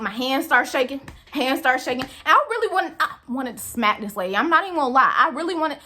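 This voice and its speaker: A young woman tells a work story straight to camera in a casual storytime. Her voice sits fairly high and bright, and it swoops animatedly as she vents in exasperation and fires off rhetorical questions. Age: young adult. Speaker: vlogger telling a work story.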